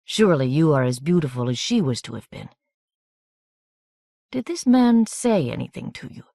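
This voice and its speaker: A woman voicing a tall soldier officer who speaks slowly, courteously and in a measured way while questioning a girl. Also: low voice, big pitch swings, creaky, mellow, no room sound, clean studio sound, heavily acted. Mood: polite probing. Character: tall soldier officer, smooth, polite, probing.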